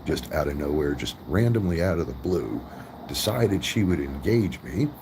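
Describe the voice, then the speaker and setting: Deep-voiced guy on a livestream, slow and cussing, mocking people, noisy background with some vehicle sounds. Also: lively intonation, darkish tone. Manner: profane, taunting and mocking. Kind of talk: trash-talking live stream rant.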